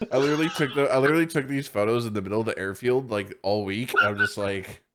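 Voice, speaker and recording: A man's voice: mid-range voice, fast, heavy background noise. A man co-hosting a podcast, chatting casually and telling stories, acting out voices and swearing a lot. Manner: animated storyteller, swears often, acts out voices. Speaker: podcast co-host. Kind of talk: casual chat.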